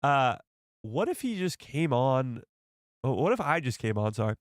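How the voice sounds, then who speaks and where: A man's voice: medium pitch, sing-song, normal speed, no echo, studio quality. A man hosting a casual live stream, chatting to viewers and laughing often.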